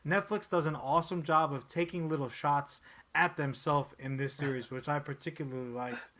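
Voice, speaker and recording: A man co-hosting a casual pop-culture podcast, animated and profane, rambling with frequent restarts. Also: a little high, normal speed. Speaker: podcast co-host.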